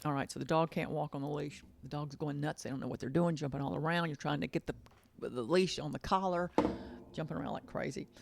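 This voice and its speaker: A woman's voice: deep voice, a little fast, vocal fry, slight background noise. A woman pet sitter talking casually, folksy and chatty, often repeating herself for emphasis. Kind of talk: casual storytelling monologue.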